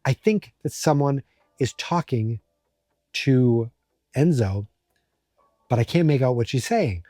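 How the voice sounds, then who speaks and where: A man's voice: medium pitch, expressive, takes it slowly, mellow, dry recording, studio quality. A man voicing a worried middle-aged mother who talks in an anxious, evasive way. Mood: puzzled.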